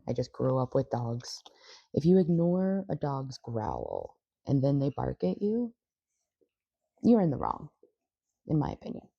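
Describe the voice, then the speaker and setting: A woman's voice: deep voice, vocal fry, warm tone, no echo, muffled recording. A young woman chatting casually in a vlog, rambling and swearing freely. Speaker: vlogger. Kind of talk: casual chat.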